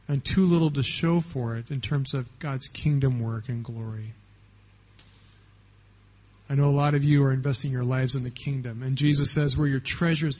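A man with a mid-range, breathy-edged voice preaches as a pastor, speaking conversationally and frequently checking in with the congregation. The audio is dull and lo-fi.

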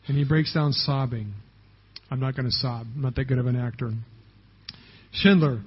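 A man's voice: mid-range voice, normal speed, slightly rough. A man preaching a sermon as pastor, talking conversationally and often checking in with the congregation, on a dull lo-fi recording.

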